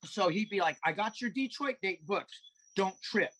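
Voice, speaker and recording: Husky high-voiced man telling stories. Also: moderate pace. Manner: animated storyteller, swears a lot, acts out quotes. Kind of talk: casual podcast chat.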